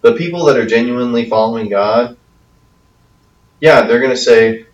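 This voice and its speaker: A man's voice: mid-range voice, normal speed, long pauses, dull audio. A man as youth pastor giving a conversational talk to teens, often checking in with "okay?". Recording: echoey room, from a distance.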